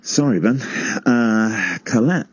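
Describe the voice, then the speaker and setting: Husky man with a jokey, rambling delivery. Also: on the low side, lively intonation, slow, dry recording, muffled recording. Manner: self-mocking, sweary, jokey asides. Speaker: podcast segment presenter. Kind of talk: comic rambling monologue.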